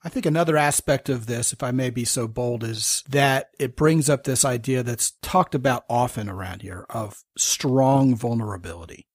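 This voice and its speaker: A male podcast host talks frankly through relationship examples and stops to check what his guest means. His voice is mid-pitched and sits in a dry room with little echo. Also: normal speed, hardly any pauses, slightly rough. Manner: frank, probing, lays out examples and checks understanding. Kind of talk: podcast interview.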